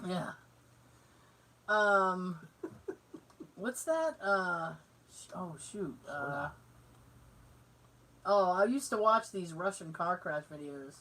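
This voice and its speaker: A woman's voice: lowish voice, animated, drawn-out words, pauses often, noisy background. A woman co-hosting a podcast. She tells stories in casual chat, laughs often, acts out the voices she quotes and swears freely. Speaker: podcast co-host.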